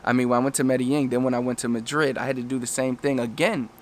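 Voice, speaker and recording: A man speaking with a middle-range pitch, giving travel language advice off the cuff. He talks in a loose, rambling way, restarting sentences and slipping into quick acted-out quotes. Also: level tone, a little hiss or hum. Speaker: language coach. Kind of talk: casual talking-head lesson.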